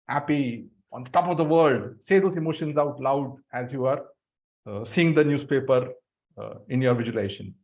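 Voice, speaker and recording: A man leading a group through a guided visualization exercise, giving slow breathing cues. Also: medium pitch, a little mellow. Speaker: workshop facilitator. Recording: dull lo-fi sound.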